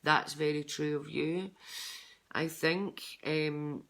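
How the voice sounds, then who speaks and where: A woman's voice: low-pitched, fairly even intonation, takes it slowly, fairly bright tone. Chatty older Scottish woman reading tarot. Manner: chatty and rambling, with frequent ums and restarts. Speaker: psychic tarot reader. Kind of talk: unscripted tarot card reading.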